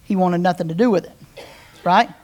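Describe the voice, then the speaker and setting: A pastor preaching a sermon in a conversational storytelling way, often repeating phrases and checking in with the congregation. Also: moderate pace. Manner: conversational, repeats phrases, asks the crowd "right?"; animated, with big swings in pitch and loudness.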